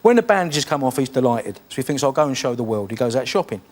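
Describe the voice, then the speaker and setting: A man's voice: mid-range voice, sing-song, quick pace, darkish tone. A man who is a guest on a chat show, spinning a showbiz anecdote in a chatty way that tumbles over its own restarts. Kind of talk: telling an anecdote and a joke. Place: TV studio.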